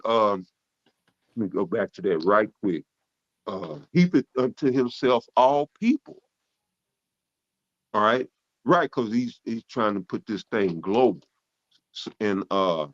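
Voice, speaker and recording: A man's voice: mid-range voice, dull audio. A man gives casual spoken Bible teaching, with loose, conversational talk, frequent restarts and cursing.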